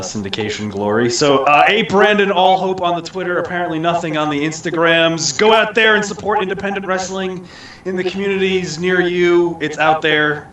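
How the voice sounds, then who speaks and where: Podcast guy wrapping up the show, kinda high voice, sounds far off in an echoey room. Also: a bit bright, slight background noise. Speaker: podcast co-host signing off. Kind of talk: casual podcast chat. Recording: echoey, distant audio with music behind.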